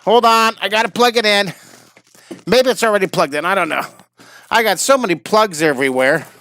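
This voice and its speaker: A man in his fifties who teaches drawing chats and rambles with his live-stream audience, tired and a bit wheezy. He talks a little fast in a high-pitched voice with a sharp tone, and there is no room sound.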